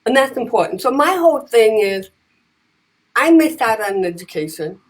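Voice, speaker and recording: A woman telling lively stories in casual conversation, acting out the voices of the people in them. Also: fairly high pitch, normal speed, poor audio. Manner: animated, acts out voices in her stories. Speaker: guest, comedian and advocate. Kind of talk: conversational storytelling.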